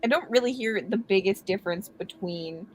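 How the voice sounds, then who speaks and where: A woman's voice: medium pitch, normal speed, a little hiss or hum, poor audio. A woman from Canada chatting casually with friends on a video call, blunt and offhand. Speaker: booktuber. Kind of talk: casual group chat on a call.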